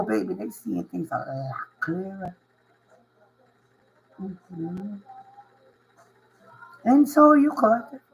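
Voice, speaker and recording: A woman speaks straight to her viewers in a spiritual tarot reading, slightly high in pitch. She talks emphatically and preachily, leaning on slang and repeating her points for weight. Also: darkish tone, low-quality recording. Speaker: tarot reader.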